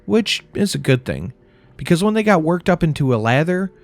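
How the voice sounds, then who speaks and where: A man narrating a first-person horror story in a wry, profane, deadpan way. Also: a little high, moderate pace. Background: faint music.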